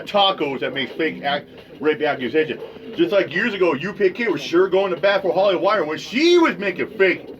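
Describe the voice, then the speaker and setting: A man hosting his own podcast, ranting casually in a rambling, profane way that swings between mutters and loud outbursts. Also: a little high. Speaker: podcast host. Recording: dull lo-fi sound with faint music.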